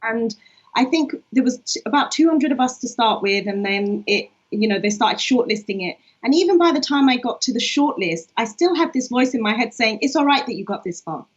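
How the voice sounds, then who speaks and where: A woman's voice: on the high side, expressive, moderate pace, breathy edge. A woman poet, talking in a reflective, chatty way with many fillers over a video call. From England. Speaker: poet and co-host. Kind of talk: casual online conversation. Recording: dull lo-fi online stream.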